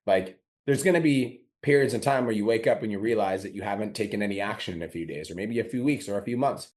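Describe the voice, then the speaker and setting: A man's voice: on the low side, fairly quick, few pauses, a little mellow. A man hosting a podcast, giving a blunt, profane motivational talk and acting out his own inner complaints. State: recovering from a sore throat. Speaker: podcast host. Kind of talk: motivational monologue.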